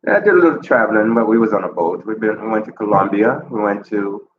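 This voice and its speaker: A middle-aged man from Jamaica, raised in Chicago, talking in a relaxed, rambling way in a casual vlog, repeating his phrases. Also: lowish voice, quick pace. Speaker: vlogger. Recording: echoey, dull, noisy ambience.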